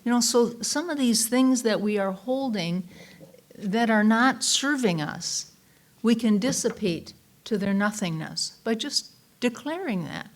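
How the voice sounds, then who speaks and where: A woman's voice: fairly high pitch, lively intonation, unhurried. Folksy woman reverend telling stories. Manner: folksy storytelling with personal anecdotes; warm, chatty, with frequent fillers and restarts. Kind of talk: Sunday talk sermon.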